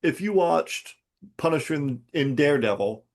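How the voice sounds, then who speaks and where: A man's voice: fairly high pitch, lively intonation, normal speed. A man co-hosting a podcast, talking about a movie in a hesitant, agreeable way with many restarts. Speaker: podcast co-host. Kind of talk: casual movie chat.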